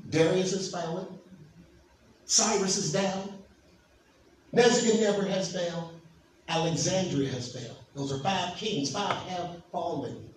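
A pastor preaching a sermon, emphatic and asking the congregation questions. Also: male voice, high voice, measured pace, long pauses. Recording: echoey hall from far off, faint noise.

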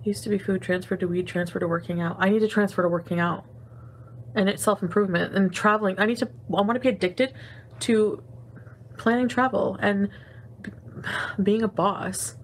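A woman's voice: mid-range voice, fairly even intonation, moderate pace, long pauses, a little hiss or hum. A woman chatting casually on a livestream, rambling from topic to topic and laughing often.

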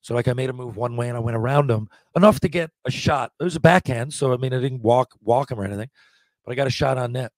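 A man in his forties, appearing as a podcast guest, tells rambling, profanity-laced anecdotes in a casual storytelling style. He speaks at a quick pace in a mid-range voice, with no echo.

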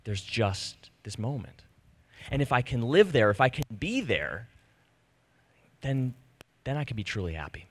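A man in his thirties telling a personal story to a live audience, animated and self-deprecating, acting out the conversations he recounts. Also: mid-range voice, a little slow, long pauses. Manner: animated, self-deprecating, acts out quoted exchanges. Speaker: speaker giving a personal talk. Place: stage before an audience.

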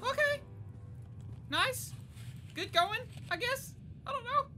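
A young woman gaming YouTuber giving excitable, chatty let's play commentary. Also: extremely high pitch, slow pace, faint music behind. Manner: excitable, chatty, reacts out loud.

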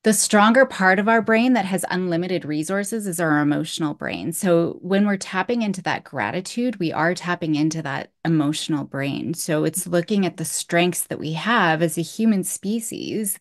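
A woman's voice: on the low side, moderate pace, hardly any pauses. A woman hosting a podcast interview, talking in a reflective, explaining way. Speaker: podcast host. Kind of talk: casual interview chat.

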